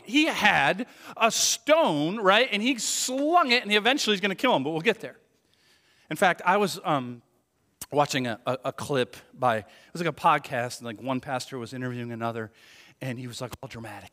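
A male pastor preaching with a high, bright voice that leaps around in pitch. He jokes and acts out the voices of the people in his story. The sound rings with a long hall reverb. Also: fairly quick. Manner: animated, joking, acts out quoted voices. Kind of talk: sermon.

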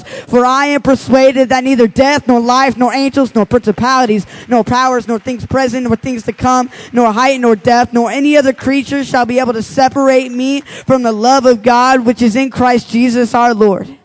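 Young guy preaching at youth service, pretty high voice, heartfelt and rising into a fired-up altar call. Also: little pitch movement, normal speed, hardly any pauses, poor audio. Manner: emotional testimony building to impassioned altar call. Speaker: youth speaker. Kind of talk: sermon.

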